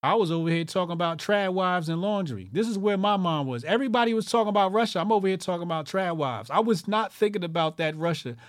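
A man's voice: high voice, animated, quick pace, few pauses, no room sound, studio quality. Foul-mouthed man ranting on his show. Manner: crude, swears constantly, mocking; emphatic, repeats lines for effect. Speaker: commentary show host. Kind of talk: profane ranting commentary.

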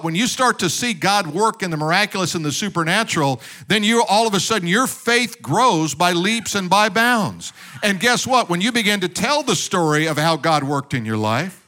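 Male preacher, high and forceful, punchy rhetorical sermon style with playful jabs at the congregation. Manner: emphatic, with rhetorical questions and calls for amen; joking asides to the congregation. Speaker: pastor.

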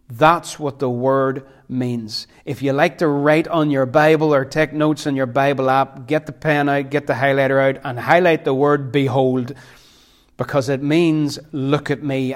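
A man preaching a sermon as pastor, impassioned, repeating phrases for emphasis and dropping to quiet intensity. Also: on the high side.

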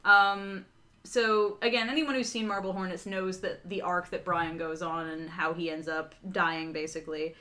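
A woman's voice: fairly low pitch, fairly even intonation, normal speed, sharp tone. A woman in casual conversation, talking in a thoughtful way and building on ideas. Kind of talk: casual chat.

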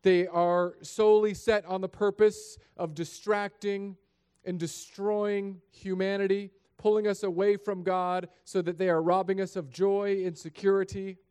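Pastor guy preaching in a chapel, earnest and direct with the crowd, voice sits a bit high. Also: level tone, unhurried, a little mellow, clean tone. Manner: earnest, plain-spoken preaching, addressing the congregation directly. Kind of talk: sermon with prayer and scripture reading.

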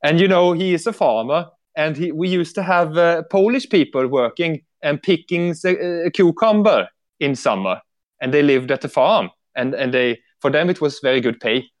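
A man's voice: on the high side, normal speed. Swedish male podcast host, loose and rambling, swears freely, many fillers. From Sweden. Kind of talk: casual chat.

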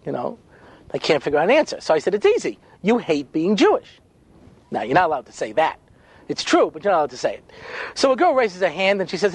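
A man, a rabbi, telling funny stories in an animated way, with quick asides and acted-out voices. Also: high voice, breathy edge. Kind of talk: humorous storytelling talk.

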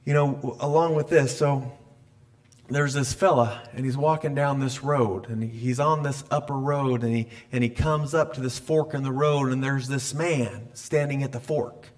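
A male pastor preaching a conversational sermon in a church. He tells stories in a folksy way, often restarts or repeats phrases, and clears his throat often. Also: mid-range voice, steady tone, moderate pace. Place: church sanctuary.

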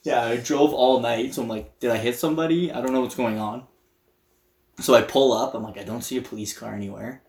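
A young man tells a story in casual chat, jumping between his own voice and the lines of the people in it. His voice is mid-pitched and sits in a roomy, echoey space. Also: fairly quick. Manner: animated storytelling, acting out quotes, frequent laughter. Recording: roomy echo.

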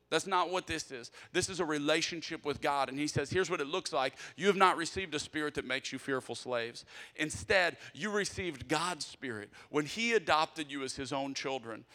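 A man preaching a lively, conversational sermon as pastor, acting out prayers and everyday talk. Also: a little high. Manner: energetic, conversational, acts out prayers and quotes in quick asides. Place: church auditorium. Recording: long hall reverb.

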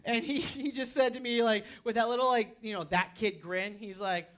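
A woman pastor preaching a sermon, telling stories with animated energy and rising to shouts. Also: fairly high pitch, normal speed.

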